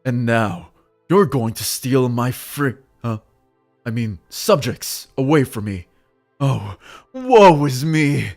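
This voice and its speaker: A man's voice: medium pitch, expressive, takes it slowly, gravelly, darkish tone, soft background music. A man voicing a pompous, petulant male ant king in a game, speaking haughtily and dramatically. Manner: haughty, then whiny and dramatic. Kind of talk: reading a game's dialogue aloud.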